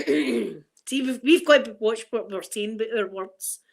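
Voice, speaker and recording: A middle-aged Glaswegian woman talks casually to her viewers. She rambles cheerfully and laughs often. Her voice is wearing thin and turning hoarse. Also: fairly high pitch, measured pace, poor audio. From Scotland. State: voice going hoarse. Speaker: vlogger.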